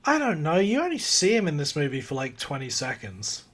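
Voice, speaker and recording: A man co-hosting a podcast, chatting casually and making dry, deadpan jokes. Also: fairly high pitch, brisk. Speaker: podcast co-host. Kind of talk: casual chat.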